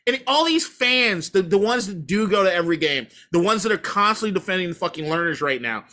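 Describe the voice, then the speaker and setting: A sports podcast host rants in casual talk, heated and profane, hammering points home by emphatically repeating them. The voice is medium-pitched, expressive, bright, and forceful, and the pace fairly quick.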